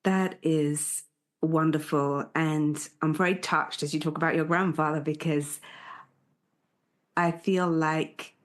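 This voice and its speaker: A woman hosting an interview, asking questions in a gentle, appreciative way. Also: sits low, steady tone, takes it slowly. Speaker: podcast host. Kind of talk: casual interview.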